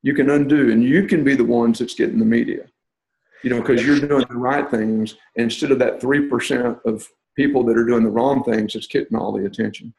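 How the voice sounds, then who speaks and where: Man with a gravelly voice, patient teacher type on a podcast. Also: medium pitch, brisk, reverberant, rough recording. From Texas. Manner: steady, teaching step by step. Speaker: guest, leadership teacher. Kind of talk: explanatory podcast interview.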